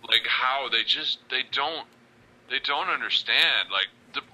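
A man's voice: mid-range voice, unhurried, bright, forceful tone, rough recording. A man hosting a podcast in casual, enthusiastic chat with lots of fillers. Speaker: podcast host.

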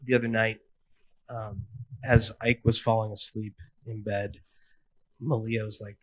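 A man in his thirties preaching a sermon in a casual, animated way, with playful asides. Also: fairly low pitch, normal speed, husky, rough recording. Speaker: pastor.

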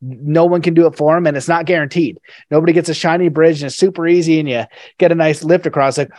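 A man hosting a podcast, speaking earnestly and reflectively, with many fillers and bursts of excited quoted exclamations. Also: fairly high pitch, fast, no room sound, clean studio sound. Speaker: podcast host. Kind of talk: casual interview chat.

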